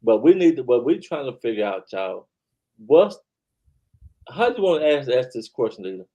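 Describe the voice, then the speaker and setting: A man's voice: medium pitch, very animated, moderate pace, dark tone, highs cut off. Laid-back man hosting a chat stream. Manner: laid-back, repeats "man" and "y'all", reads chat aloud. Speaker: talk show host. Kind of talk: casual live-stream chat.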